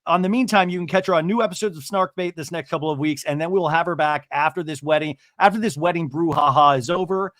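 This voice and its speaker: A male podcast host from Montana with a deep radio announcer voice, chatting casually and rambling through quick asides. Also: a bit bright, no echo, studio quality. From Montana, USA.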